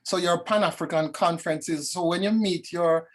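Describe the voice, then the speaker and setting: Woman, discussion guest; animated, reflective, dramatic asides; video call. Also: fairly low pitch, normal speed. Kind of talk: reflective conversation.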